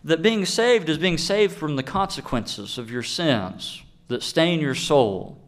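A man preaching a sermon in an emphatic way, slowing down to stress key phrases. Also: a little high, animated. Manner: emphatic, with deliberate slowed phrases.

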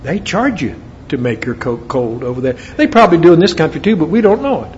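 An American man delivers a sermon in a slightly high voice, breaking from scripture into homey, folksy asides. The recording is dull and lo-fi, with a faint hiss of noise behind him. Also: sing-song, fast talker. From United States. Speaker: preacher.

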